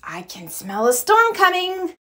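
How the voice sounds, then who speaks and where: A woman's voice: very high voice, wildly swooping pitch, a little slow, sharp tone, voice pushed up, heavily acted. A woman voicing a sensible, know-it-all young beaver in a storybook read-aloud. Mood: matter-of-fact.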